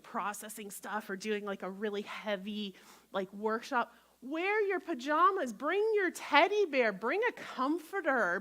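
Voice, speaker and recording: A woman minister giving a gentle, conversational sermon to a congregation, acting out inner voices as she talks. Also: on the high side. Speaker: guest minister.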